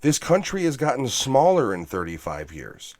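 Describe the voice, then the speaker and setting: A man hosting a casual movie review podcast, animated and swearing freely as he riffs on scenes. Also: medium pitch, moderate pace, no echo. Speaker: podcast host.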